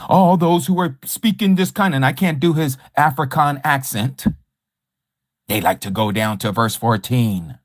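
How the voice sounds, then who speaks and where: A man's voice: mid-range voice, measured pace, dry recording, studio quality. A man teaching scripture on a livestream, speaking emphatically and rhetorically, repeating key phrases and challenging a rival teacher. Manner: combative toward a rival teacher. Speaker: Bible study teacher.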